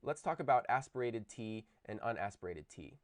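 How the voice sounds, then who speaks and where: A man's voice: lowish voice, expressive, moderate pace, no echo, studio quality. A man giving a recorded video lecture on linguistics, explaining step by step and saying example words aloud. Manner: explanatory, demonstrates sounds aloud. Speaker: linguistics teacher.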